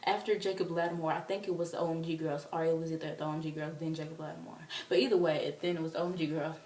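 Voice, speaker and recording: A young woman telling a story casually as a vlogger, excitable and chatty with lots of fillers. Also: deep voice, quick pace, a little hiss or hum. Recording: roomy, distant from the mic.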